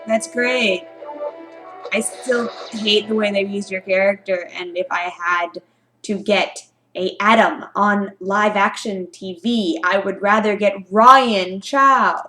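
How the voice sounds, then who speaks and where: A young woman reacting to a trailer in casual, sarcastic, excitable fan chatter. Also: mid-range voice, slow pace, faint music behind.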